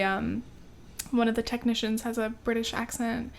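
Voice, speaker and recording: A woman's voice: a little high, flat delivery, normal speed, creaky, slight background noise. A young woman from America hosting a podcast, chatting candidly with lots of fillers and the odd swear word. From United States. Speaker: podcast host. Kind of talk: casual solo podcast chat.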